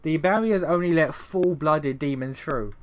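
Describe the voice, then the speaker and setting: A man's voice: fairly high pitch, measured pace. A man streaming a game, reading its text aloud and reacting with swearing and laughs. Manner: swears freely, laughs at the story.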